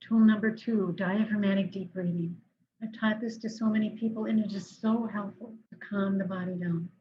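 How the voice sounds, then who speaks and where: Calm instructive woman counselor, lo-fi. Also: mid-range voice. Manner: calm, instructive, slows down for breathing exercises. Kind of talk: recorded talk on anger management.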